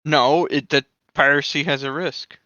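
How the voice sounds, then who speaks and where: Bright, clear-voiced man, halting speech. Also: on the high side, steady tone, no room sound, lo-fi sound. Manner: halting, restarts, trips over words. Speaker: player. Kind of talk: casual game table chat.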